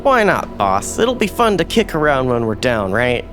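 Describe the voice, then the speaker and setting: A man's voice: medium pitch, huge pitch swings, moderate pace, over music. A man voicing a cheeky, gleefully mean male sidekick in a game, teasing the hero.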